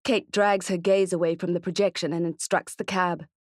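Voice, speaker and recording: A woman with a lowish voice narrates a thriller audiobook in an even, measured way. The recording is dry and close, with no room sound at all. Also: dry recording.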